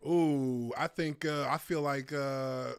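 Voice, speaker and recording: A man's voice: medium pitch, steady tone, takes it slowly, dry recording. A man co-hosting a stream, making confident calls in casual talk. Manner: confident predictions, throat-clearing asides. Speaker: stream co-host. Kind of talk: casual live-stream chat.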